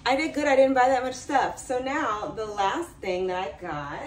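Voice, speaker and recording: A young woman talking casually to camera in her home as a vlogger, chatty and animated. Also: on the high side, moderate pace, distant mic, a little hiss or hum. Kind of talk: casual vlog chat to camera.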